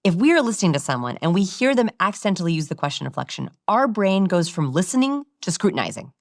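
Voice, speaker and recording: Low-voiced woman explaining with energy. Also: fast talker, no room sound, studio quality. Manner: animated, demonstrating vocal examples. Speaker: communication researcher and guest. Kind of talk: expert interview explanation.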